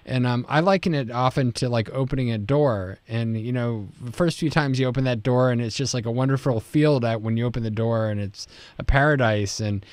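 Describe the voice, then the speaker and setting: Male radio host, relaxed and explanatory, dry studio sound. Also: mid-range voice, fairly quick, dry recording. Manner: relaxed, explains with a long analogy. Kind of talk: radio talk show. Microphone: studio mic.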